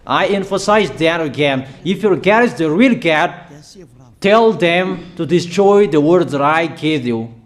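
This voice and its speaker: Slow, emphatic man preaching prophecies. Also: a little high, animated. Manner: declaiming, emphatic, repeats warnings, halting fillers. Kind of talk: prophetic sermon.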